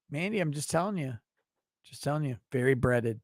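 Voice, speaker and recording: A man's voice: fairly high pitch, fairly quick, darkish tone, no room sound, clean studio sound. A man hosting a livestream, reading viewer super chats aloud and answering them in brash, profane, mock-indignant rants. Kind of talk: crude comedic livestream banter.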